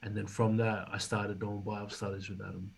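A man's voice: lowish voice, little pitch movement, fairly quick, vocal fry, slight background noise, poor audio. A man, a guest in an interview, telling a story and acting out the dialogue he quotes. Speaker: podcast guest, former rugby league player.

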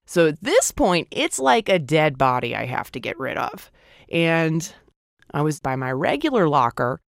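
A woman's voice: deep voice, sing-song, measured pace, creaky, no room sound, studio quality. A woman comedian telling a stand-up story, breaking into exaggerated voices for other people. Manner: acts out characters in loud squealing voices.

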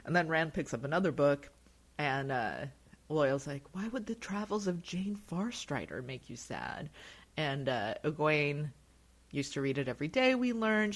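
A woman talks through a show recap in a casual podcast chat. Her pitch rises and falls a lot, and she fills her sentences with likes and ums. Her delivery stays relaxed and conversational. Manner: chatty, lots of fillers, quick laughs. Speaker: podcast co-host recapping episodes.

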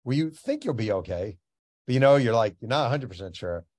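A man's voice: mid-range voice, brisk, dry recording, clean studio sound. A man, an author and guest, telling a story casually and acting out the people in it. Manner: animated anecdote teller, acts out dialogue.

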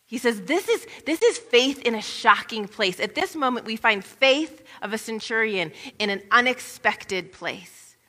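Woman pastor, bright, forward voice, chatty sermon delivery, big reverberant hall. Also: on the high side, lively intonation, unhurried, hardly any pauses. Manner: chatty, informal asides with "like" and "you know". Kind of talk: conversational sermon. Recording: long reverb of a large hall.

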